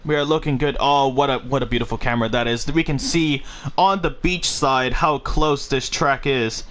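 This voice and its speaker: A man commentating a live sim racing league, excitable and quick to get swept up in the action. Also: mid-range voice. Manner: excitable, gets swept up and laughs at busy moments. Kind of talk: live esports race commentary.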